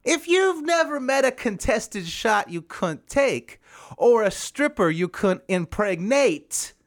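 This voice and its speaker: A man's voice: sits high, sing-song, voice pushed up, heavily acted. A man doing a drawling comedian impression. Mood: mock-solemn. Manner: drawn-out, sing-song setups with a laughing punchline. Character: man doing a comedian's slow joke routine. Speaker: podcast co-host.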